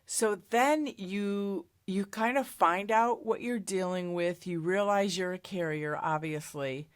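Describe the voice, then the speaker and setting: A woman hosting an interview, asking affirming, gentle questions. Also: mid-range voice, takes it slowly, smooth, no room sound. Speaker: interviewer, host.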